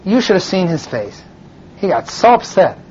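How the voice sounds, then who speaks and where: Animated man lecturing with lively pitch. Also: normal speed, slight background noise. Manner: animated storyteller, pressing the audience with questions. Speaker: rabbi lecturing an audience. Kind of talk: teaching lecture with rhetorical questions. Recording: dull lo-fi recording.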